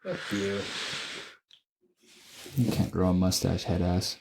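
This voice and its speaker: A young man co-hosting a casual sports podcast, cursing freely and stumbling over his own words. His voice sits on the low side with a mellow tone. He talks in excitable bursts and repeats himself as he goes. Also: takes it slowly, creaky. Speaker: podcast co-host.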